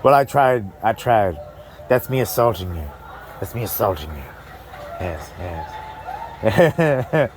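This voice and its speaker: A man's voice: lowish voice, lively intonation, slow, long pauses, crowd noise, noisy background. A man doing a stand-up comedy set in a club, rambling, breaking off mid-sentence and laughing at his own jokes.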